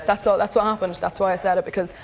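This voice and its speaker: A woman in a reality show house, rapidly retelling a conversation and quoting what others said, in a heated casual chat. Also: medium pitch, level tone, gravelly, a crowd in the background. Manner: rapid, retelling with quoted dialogue. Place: house living area, indoors.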